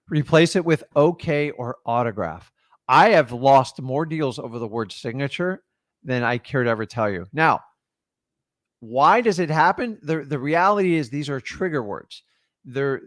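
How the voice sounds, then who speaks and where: A man's voice: medium pitch, no echo, studio quality. Punchy, emphatic male real estate coach. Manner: punchy, emphatic, talks straight to the viewer with quick rhetorical questions; acts out short seller and caller exchanges in quick quoted voices. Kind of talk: direct-to-camera teaching talk.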